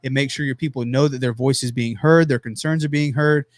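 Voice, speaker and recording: A man coaching business owners in a casual, energetic talk, full of fillers and restarts. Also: mid-range voice, brisk, no echo.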